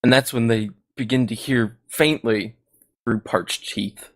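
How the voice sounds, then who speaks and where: A man narrating a comedic tabletop story as game master, halting and laughing at his own jokes. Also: mid-range voice, fairly even intonation.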